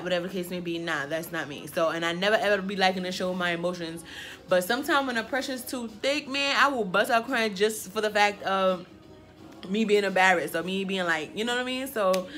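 A woman in her twenties telling a personal story casually, with dramatic, animated delivery and lots of filler phrases. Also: medium pitch, brisk, faint music behind. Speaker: vlogger.

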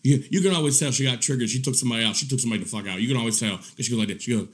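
A man hosting a profane live commentary stream, mocking and crude, laughing at his own jabs and swinging between low muttering and loud indignant rants. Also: rapid-fire, breathy edge.

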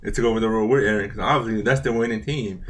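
A young man co-hosting an anime reaction, joking loudly and crudely and slipping into goofy voices. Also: lowish voice, racing. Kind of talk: casual reaction chat. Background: faint anime soundtrack.

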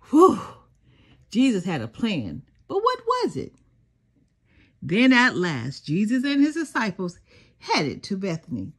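An older woman reading a children's storybook aloud, slow and sing-song with dramatic pauses and a softly breathy voice. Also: fairly high pitch, huge pitch swings. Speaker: storybook reader. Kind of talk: expressive children's read-aloud.

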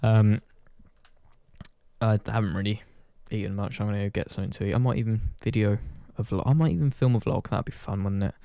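A man's voice: lowish voice, a little fast, mellow, smooth, dry recording. A man chatting casually to his channel's viewers, rambling and self-deprecating, swearing offhand. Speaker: gaming channel host. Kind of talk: casual chat to camera.

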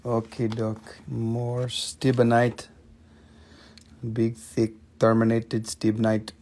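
A gravelly-voiced man talks slowly, at an unhurried pace, as he hosts a live selling stream. His manner is loose and joking, with casual swearing and asides to his viewers. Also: medium pitch, monotone, a little mellow, slight background noise. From United States, Appalachian region. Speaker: host of a live shop stream selling minerals. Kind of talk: casual live-stream sales chat, reading chat comments.

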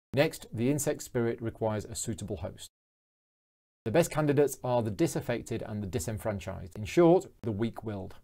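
A man's voice: medium pitch, warm tone, close to an everyday voice. A man reading a wry, lecturing elf.

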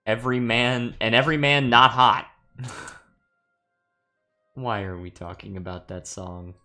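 A man's voice: mid-range voice, steady tone, measured pace, sharp tone. Male game streamer, casual and giggly, reads chat aloud, faint music under.

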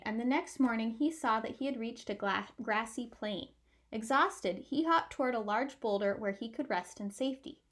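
A woman reading a picture book aloud with clear, expressive storytelling. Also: on the high side.

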